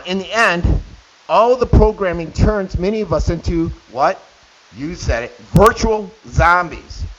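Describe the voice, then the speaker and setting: A middle-aged man hosting a radio show, delivering an indignant opinion monologue with sarcastic asides. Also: sits high. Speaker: radio host. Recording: dull lo-fi with faint hiss.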